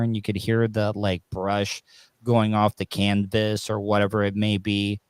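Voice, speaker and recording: A man's voice: lowish voice, completely flat delivery, unhurried, clean tone, no room sound. A man from Florida with a Southern accent, hosting a casual podcast chat and rambling with many restarts. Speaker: podcast host.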